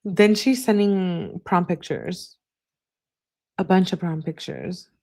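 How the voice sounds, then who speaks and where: A woman with a lowish voice reads text messages aloud at an unhurried pace, adding brief asides between them. Her delivery is flat and casual, like a host going through screenshots for viewers. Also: gravelly.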